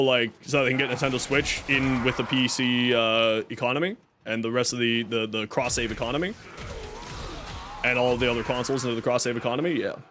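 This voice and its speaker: A young man's medium-pitched, fairly bright voice comes through with a little hiss or hum. He's casually chatting during a live gaming stream, talkative and upbeat, calling out giveaways and thanking viewers.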